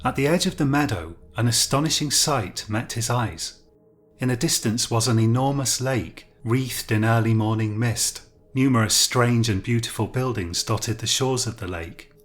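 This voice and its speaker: A man narrating a fiction story in a calm, measured reading. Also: mid-range voice. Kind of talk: scripted narration.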